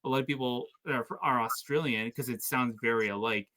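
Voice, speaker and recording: A man hosts a casual podcast, telling anecdotes in an animated way with frequent restarts. His pitch sits in the middle of the usual male range. He sounds relaxed and conversational. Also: fairly quick, slight background noise. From Canada. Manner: storytelling, animated, stumbling restarts. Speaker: podcast host.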